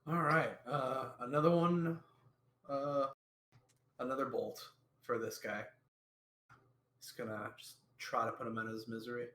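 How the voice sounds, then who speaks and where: A man playing a tabletop game, describing his character's moves in a relaxed, hesitant way. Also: medium pitch, unhurried, long pauses, echoey room. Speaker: player. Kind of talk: casual tabletop play.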